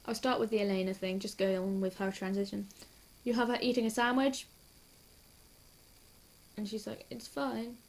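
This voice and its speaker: A young woman chatting casually and excitedly about a TV episode, giggly and hyper, gushing and rambling from scene to scene. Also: medium pitch. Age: young adult. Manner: hyper, giggly and quick to gush. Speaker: TV reaction vlogger. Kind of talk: casual rambling reaction chat.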